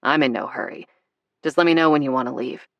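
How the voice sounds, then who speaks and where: A woman reading as a gruff, teasing man. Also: very deep voice, fast talker, no room sound, dull audio. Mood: earnest. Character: blustering but tender grown man.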